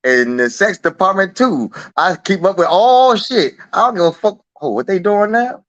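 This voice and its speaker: A man's voice: high voice, normal speed, dry recording, muffled recording. A man guest in a casual, profane chat who acts out quotes in a raised voice. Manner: animated, swears a lot, acts out quotes in a raised voice. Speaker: interview guest.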